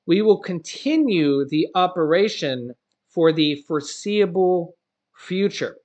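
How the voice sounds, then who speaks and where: Male commentary host, slightly raised pitch, reads news copy then drifts into casual chatty asides. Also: animated, slow pace, a little mellow, highs cut off. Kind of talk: reading news with personal commentary.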